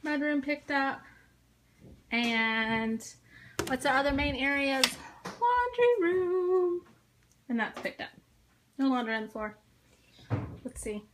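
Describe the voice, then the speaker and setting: A woman's voice: sits high, steady tone, a little slow, long pauses, noisy background. A pregnant woman in her late thirties, a little out of breath, chatting and giggling as she gives viewers a tour of her home on a tripod camera. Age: 30s. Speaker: home organizing vlogger. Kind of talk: casual live-stream chat giving a home tour.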